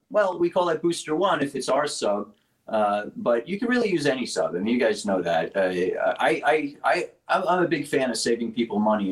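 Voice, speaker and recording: A man's voice: mid-range voice, poor audio. Man, company founder, casual interview, rambling, technical. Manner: rambling, restarts often, explains technical detail.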